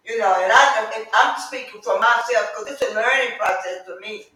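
A middle-aged woman teaching Sunday school with a bright, ringing voice, preaching with fervour and slipping into chatty stories. She swings up to emphatic shouts. She is picked up from far off in a very echoey church. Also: mid-range voice, moderate pace. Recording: echoey room, mic far off.

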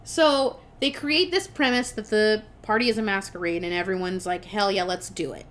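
A woman's voice: mid-range voice, moderate pace, fairly bright tone. A young woman casually recapping a film on a podcast, rambling and swearing, quoting the characters as she goes. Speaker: podcast co-host.

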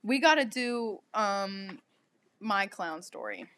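A young woman co-hosting a casual podcast chat, loud and profane, breaking into quick laughter. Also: medium pitch, animated, a little hiss or hum. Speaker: podcast co-host.

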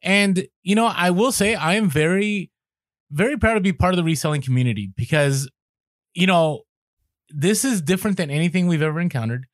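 A man co-hosting a podcast, talking casually in an animated, slangy way with many fillers. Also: sits high, fairly quick, no echo, studio quality. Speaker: podcast co-host.

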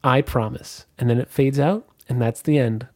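A man's voice: mid-range voice, fairly quick, mellow, dry recording, clean studio sound. A man co-hosting a casual podcast, narrating a silly story with laughs and joking asides. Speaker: podcast co-host. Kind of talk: casual podcast chat, reading a story aloud.

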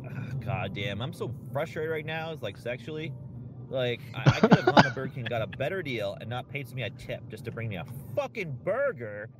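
A man swears and vents his way through a drive, his voice swinging widely between low grumbles and high outbursts. He is filmed on a phone inside the car, with steady road and engine noise underneath. It comes across as a clip of his own driving rather than studio talk. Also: brisk. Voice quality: profane, exasperated ranting. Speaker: driver filming himself. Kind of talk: profane running commentary while driving. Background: vehicle noise.

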